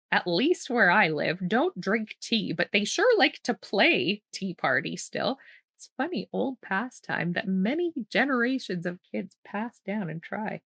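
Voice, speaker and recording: A woman's voice: mid-range voice, gravelly, a bit bright, slightly rough, no echo. A woman who grew up speaking reads a children's picture book aloud, with playful asides and frequent laughter. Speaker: children's storytime host.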